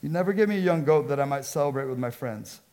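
A preacher doing an indignant older brother. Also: male voice, on the high side, animated, quick pace, darkish tone, lightly acted. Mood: resentful. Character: resentful dutiful older brother, grown man.

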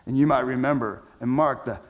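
Speaking fairly quickly, a man preaches as pastor in a relaxed, conversational style full of slang. He alternates loud, emphatic moments with hushed, low phrases.

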